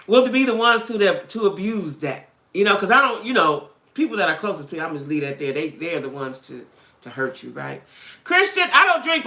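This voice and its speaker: Frank, lively woman chatting to viewers live. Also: medium pitch, reverberant. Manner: frank, streetwise, keeps asking "right?" and "you know what I'm saying?". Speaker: livestream host chatting with viewers. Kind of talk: casual live chat about dating.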